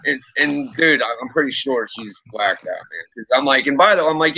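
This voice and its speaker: A man's voice: medium pitch, moderate pace, gravelly, few pauses, highs cut off. A man in his thirties streaming a casual chat, telling a story with lots of swearing and quoting himself heatedly. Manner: profane, animated storytelling, quotes himself heatedly.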